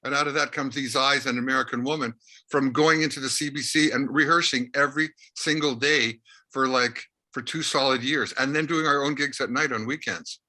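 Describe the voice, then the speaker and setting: An older man tells rock-band stories in a casual interview. His voice is bright and cutting, and he leans forward into every anecdote, acting out who said what. The delivery stays at an ordinary middle pitch. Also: fairly quick. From Canada, Winnipeg. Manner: lively anecdotal storyteller who acts out dialogue. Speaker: interview guest, rock musician.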